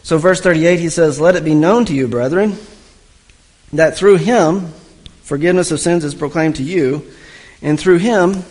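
A male preacher gives an expository sermon, reading scripture verses aloud and then posing questions to his listeners that he answers himself. His voice is a little high and darkish, at normal speed, and the recording quality is low.

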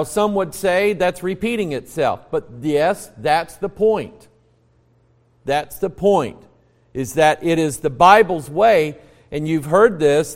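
American pastor teaching, echoing hall. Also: male voice, on the high side. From United States. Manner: folksy, storytelling, frequent restarts. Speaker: pastor teaching a Bible class. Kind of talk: conversational Bible teaching, quizzing the class. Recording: long reverb of a large room.

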